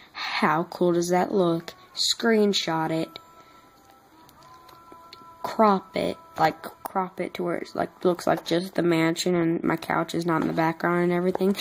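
A woman's voice: lowish voice, darkish tone, poor audio. A worn-out young woman talks to her phone at night from her couch, drowsy and rambling between yawns. A faint hiss of noise sits under her voice. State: exhausted. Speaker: vlogger. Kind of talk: sleepy late-night chat to camera.

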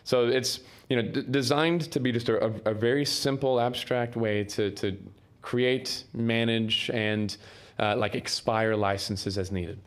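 A man's voice: medium pitch, fairly even intonation, unhurried. Casual man giving a conference tech talk. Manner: casual, many fillers and restarts. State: coughing, throat irritation. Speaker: conference speaker. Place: conference room.

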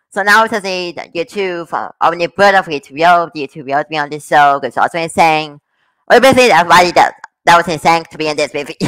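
A man hosting a reaction video, rambling excitedly and laughing often. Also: fairly high pitch, dry recording, rough recording. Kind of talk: casual reaction commentary.

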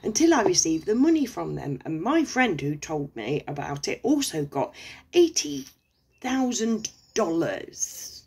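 Singsong smarmy male scammer, as a woman mocks him, raised pitch, falsely reassuring. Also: big pitch swings, unhurried, gravelly, a little mellow, husky, exaggerated voice.

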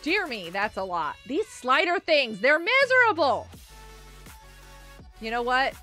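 A woman with a very high, bright voice that leaps up and down as she chats through a live game stream. She talks at an unhurried pace, gushing and giggling as she thanks viewers. Faint game music plays behind her. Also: big pitch swings. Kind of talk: casual live gaming stream chat.

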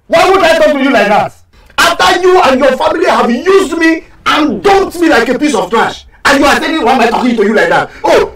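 An actor with a Nigerian accent playing an indignant, scheming young boyfriend in a Nollywood film. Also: male voice, very high-pitched, fairly bright tone, exaggerated voice. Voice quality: emphatic, rambling and accusing. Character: bitter scheming young man, loud and indignant. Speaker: jilted boyfriend. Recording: echoey room, voice from far off.

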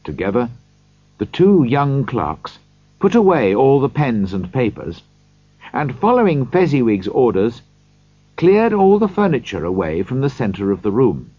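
A man narrating a classic story as an audiobook reader, slow and expressive, on a dull lo-fi recording. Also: mid-range voice, slightly rough, dry recording.

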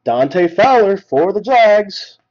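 Excitable man calling out pulled cards. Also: high-pitched, slow pace, highs cut off. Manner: rattles off names, excited at big hits. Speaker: card break host. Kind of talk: live card-opening commentary.

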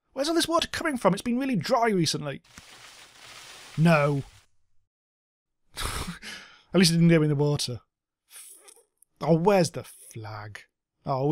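A man giving casual let's-play commentary, excitable, swearing a lot and making silly sound effects. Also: a little high, no room sound, studio quality. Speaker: gameplay commentator.

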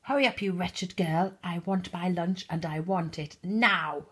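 A woman's voice: lowish voice, a little slow, fairly bright tone, slightly rough. A woman voicing a cruel, sneering stepmother who speaks harshly in a storybook reading. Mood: scornful. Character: cruel screeching stepmother, middle-aged woman.

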